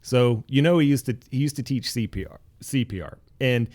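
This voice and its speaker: A young man telling stories in casual chat, animated and swearing freely, his voice jumping high when he quotes himself. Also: moderate pace. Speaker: podcast co-host.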